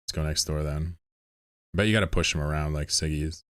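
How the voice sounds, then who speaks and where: A man's voice: a bass voice, fairly even intonation, brisk, a bit bright, dry recording, clean studio sound. A man streaming a game, chatting casually with his viewers in a sarcastic, mock-indignant ranting manner. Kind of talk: casual livestream banter with chat.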